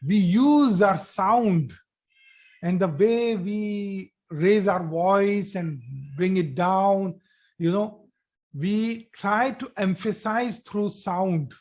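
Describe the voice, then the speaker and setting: A male teacher speaking in an unhurried, deliberate way, his voice sitting fairly high for a man. He leads an online language lesson, repeating phrases for emphasis and checking in with his students. He often restarts a sentence before finishing it. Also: darkish tone. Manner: frequent restarts and "okay" check-ins. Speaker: Arabic teacher.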